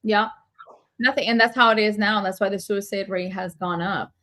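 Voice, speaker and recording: A woman's voice: mid-range voice, steady tone, moderate pace, pushed and bright. A woman co-hosting a casual talk podcast, chatty and prone to sarcastic asides. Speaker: podcast co-host. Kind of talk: casual chat.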